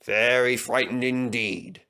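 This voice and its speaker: A man voicing a modest, kindly old male mountain engine who tells his story in an unhurried way. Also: mid-range voice, sharp tone.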